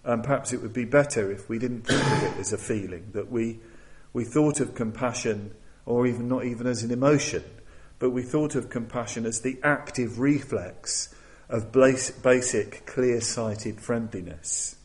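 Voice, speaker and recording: A man giving a Buddhist dharma talk, thoughtful and hesitant, with many restarts and pauses. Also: medium pitch, poor audio. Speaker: Buddhist teacher.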